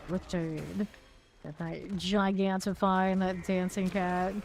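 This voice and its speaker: A woman's voice: lowish voice, level tone, slow pace, creaky, a little mellow, a little hiss or hum. Young woman gaming stream, just chatting with chat, easygoing, laughs a lot, trails off mid-sentence. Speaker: game streamer. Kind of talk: casual live-stream chat while playing.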